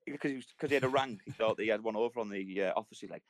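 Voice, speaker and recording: On the low side and free of room sound, a male podcast host swaps army tales at a quick clip. The banter is casual and full of swearing, and he acts out each character's lines.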